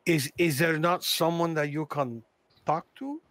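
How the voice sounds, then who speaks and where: A man playing a tabletop game in casual chat, jokey and animated, often restarting his sentences. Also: on the high side, unhurried, dry recording. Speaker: player.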